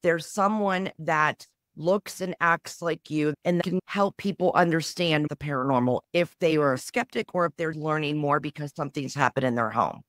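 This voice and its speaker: A woman's voice: low voice, normal speed, hardly any pauses, no echo, clean studio sound. A woman podcast host asking questions eagerly and sharing her own stories. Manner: enthusiastic, warm praise of guest. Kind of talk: casual interview.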